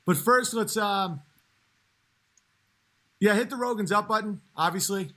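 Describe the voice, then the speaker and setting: A man hosting a casual livestream as a comedian, rambling in a halting way and laughing often. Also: high-pitched, sharp tone. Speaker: comedian streamer.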